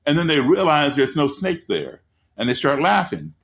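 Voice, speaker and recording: A man with a fairly high, gravelly, slightly bright voice tells stories at a moderate pace as an interview guest. Speaking from his living room over a video call, he uses an emphatic, repetitive cadence.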